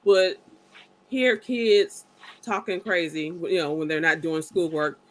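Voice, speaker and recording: A woman with a lowish voice speaks slowly while co-hosting a podcast, telling stories in casual chat and acting out what people said. She's an animated storyteller, though the audio quality is poor.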